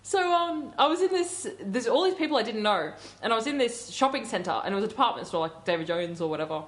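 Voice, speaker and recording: A woman's voice: on the high side, animated, fast. A woman co-hosting a community radio show, telling stories casually with lots of ums and likes. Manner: chatty storyteller, recounting dreams with many ums and likes.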